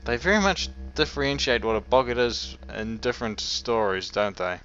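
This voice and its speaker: A man's voice: mid-range voice, animated, normal speed, fairly bright tone, a little hiss or hum. Rambling man commenting on gameplay. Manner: rambling, wry, chuckling to himself. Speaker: let's play host. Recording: dull lo-fi sound with game music.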